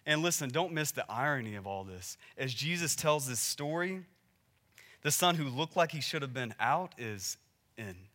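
A man preaching a sermon in a conversational way, building to emphatic peaks and dropping to quiet, pointed asides. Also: medium pitch, animated, moderate pace. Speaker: pastor.

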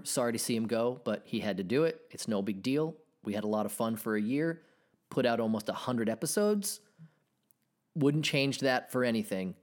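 A man in his thirties hosting a solo podcast, ranting and swearing as he reacts to online posts. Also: medium pitch. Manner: animated, profane ranting. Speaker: podcast host.

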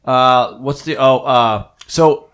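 A man's voice: mid-range voice, slow. A man in casual podcast chat, swearing freely and acting out quotes as he tells stories. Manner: excitable storyteller, swears freely, acts out quotes. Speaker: podcast host.

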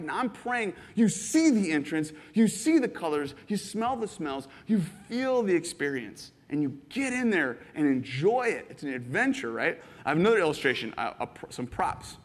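Guy preaching, super lively up-and-down voice, acts out bits of his stories, slightly high pitched. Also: moderate pace, in a large hall. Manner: animated, jumps into high excited voices when quoting. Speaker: pastor. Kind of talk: sermon with acted-out illustrations.

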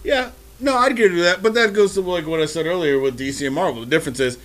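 A man co-hosting a podcast in relaxed, profane casual chat that builds to excited bursts. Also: on the high side, quick pace. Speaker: podcast co-host.

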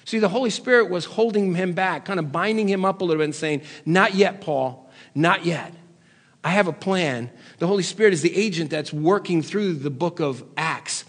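A man delivers an impassioned sermon in a high, breathy voice. He sinks to low, quiet stretches and then climbs to loud, raised pleas. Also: a little fast, few pauses. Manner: impassioned, swings between hushed low lines and loud raised ones. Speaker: preacher.

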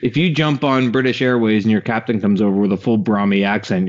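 Low-voiced man, muffled call. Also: steady tone, a little fast. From Canada. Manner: rambling, joking, drops into mock voices. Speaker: podcast co-host. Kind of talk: casual podcast chat. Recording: muffled online call audio.

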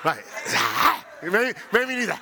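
A man's voice: high voice, bright, forceful tone, breathy edge. A male pastor preaching a sermon, playful and teasing with his congregation.

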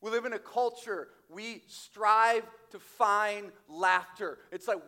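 A man preaching a sermon as pastor, emphatic, slowing down for quoted scripture. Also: high voice. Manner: emphatic, varies loudness widely, slows on quoted scripture. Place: church sanctuary.

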